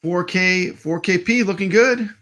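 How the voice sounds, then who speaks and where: A man's voice: sits high, unhurried, fairly bright tone. A man co-hosting a live stream, chatting casually and greeting viewers by name in an upbeat way. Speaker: co-host of a live stream show.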